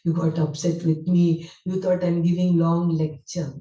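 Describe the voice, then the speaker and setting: A woman's voice: lowish voice, little pitch movement, a little slow, mellow, dull audio. A woman, a guest speaker animatedly telling emotional memories in a devotional talk. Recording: roomy hall, distant mic.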